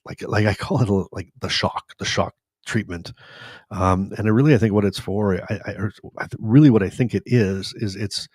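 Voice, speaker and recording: A man in his forties from Canada, hosting a live stream and candidly retelling his own story in a rambling, animated way. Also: fairly low pitch, normal speed, slightly rough, no echo, clean studio sound. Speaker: host.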